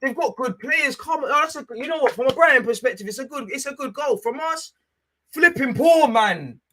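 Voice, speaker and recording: Excitable fan yelling at the ref. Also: male voice, extremely high pitch, fast talker. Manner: excitable, shouts at the ref, drops to mutters. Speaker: fan watchalong host. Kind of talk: live football watchalong commentary.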